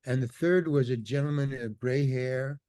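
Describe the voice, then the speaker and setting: A man's voice: mid-range voice, fairly even intonation, moderate pace, dark tone, no room sound. An older man, a podcast guest, telling a long anecdote in casual talk and acting out other people's lines. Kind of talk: casual storytelling interview.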